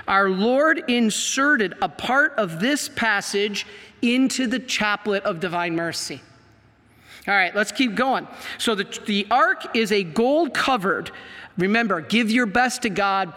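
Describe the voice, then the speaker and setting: A middle-aged priest teaching from slides, preaching with excited emphasis. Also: male voice, sits high. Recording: long hall reverb.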